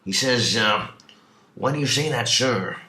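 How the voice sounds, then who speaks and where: Older late-night host type played by a man, halting delivery, lower voice, roomy sound. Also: sharp tone. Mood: deadpan. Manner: hesitant storytelling with many uhs. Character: rambling older male late-night talk show host. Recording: echoey room.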